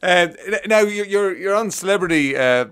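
An Irish man hosting a radio interview show, chatty and quick to laugh, often restarting his sentences. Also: high voice, animated, fairly bright tone, clear, resonant tone, no echo.

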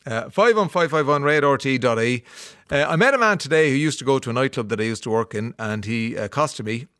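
A chatty Irish man hosts a radio show from the studio, rambling between listener messages with lots of ums and restarts. His voice sits at an ordinary pitch for a man. The sound is close and dry, with no room echo. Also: lively intonation, brisk, a bit bright, smooth. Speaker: radio host. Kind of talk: casual radio chat reading listener texts.

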